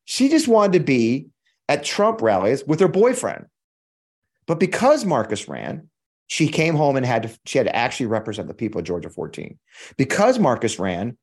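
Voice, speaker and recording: Mid-range and slightly mellow, this American podcast host's voice carries heated political commentary laced with profanity and emphatic repetition. He is a middle-aged man from the United States.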